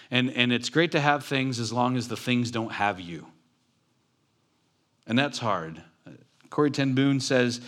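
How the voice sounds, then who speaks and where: A man's voice: medium pitch, a bit bright. Man, pastor, sermon, conversational, jokes with the congregation, church. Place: church building.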